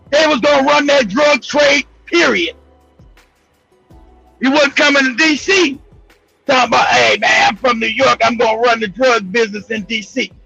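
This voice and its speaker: Brash LA man hosting, gravelly, loud, swearing, laughing through his stories. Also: very high-pitched, dull audio. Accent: Los Angeles. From Los Angeles. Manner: profane, animated, laughs often, loud outbursts. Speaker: show host. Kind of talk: storytelling monologue.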